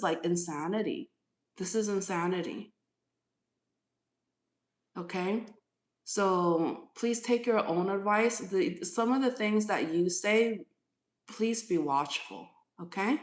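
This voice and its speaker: A woman's voice: mid-range voice, expressive, slow, long pauses. Firm, lecturing woman in an echoey room. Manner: firm, lecturing, repeats herself. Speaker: tarot reader on a live stream. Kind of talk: scolding a live-stream commenter.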